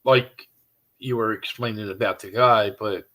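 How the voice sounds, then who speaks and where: A man's voice: fairly low pitch, steady tone, unhurried, sharp tone. A man hosting a casual podcast chat, speaking in a firm, matter-of-fact way. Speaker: host, paranormal investigator.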